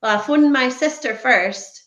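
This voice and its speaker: A woman in her thirties, a podcast guest, telling her story in lively conversation and acting out what people said. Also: high voice, measured pace, dull audio. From Scotland. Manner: lively retelling, acts out quoted speech. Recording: roomy echoey room.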